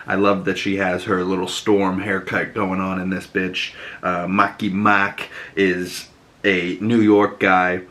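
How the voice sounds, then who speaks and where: Lower-voiced young guy, chatty. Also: sharp tone. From Boston. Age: 20s. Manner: chatty and enthusiastic, heavy on "you know" and casual swearing. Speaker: movie reviewer. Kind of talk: casual vlog movie review.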